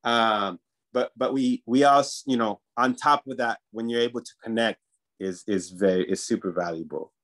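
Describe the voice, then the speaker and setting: A man's voice: medium pitch, normal speed, a bit bright. Hesitant man guest full of fillers. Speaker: musician guest. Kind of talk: casual interview talk.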